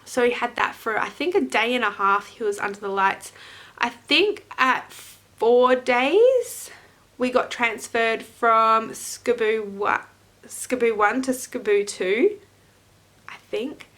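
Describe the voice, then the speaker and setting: A woman's voice: on the high side, expressive, slow, a bit bright. A young woman vlogger candidly recounting a personal story in a chatty way, with frequent ums and hesitations. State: emotional, close to tears at times.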